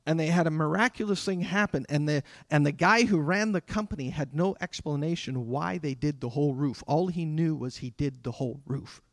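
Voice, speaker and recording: A man delivering a sermon as a pastor, talking conversationally with dramatic pauses. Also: fairly high pitch, dry recording, studio quality. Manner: conversational preaching with dramatic pauses and acted quotes.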